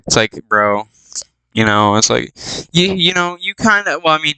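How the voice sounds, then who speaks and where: A man's voice: fairly high pitch, big pitch swings, moderate pace, bright, forceful tone, clean tone, dry recording, poor audio. A man giving a meandering, flippant comic retelling, full of asides and fillers. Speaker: YouTube spoof narrator.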